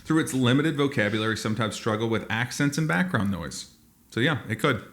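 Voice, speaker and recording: Lively, bright-voiced joking man. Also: mid-range voice, a little fast. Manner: animated, joking, slips into mock voices. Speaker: podcast co-host. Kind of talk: casual comedic chat.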